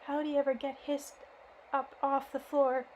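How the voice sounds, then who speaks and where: A woman's voice: sits high, level tone, unhurried, a little mellow, a little hiss or hum, rough recording. A woman voicing a sturdy village housekeeper in her forties, telling her worries in folksy rustic speech. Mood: worried, folksy.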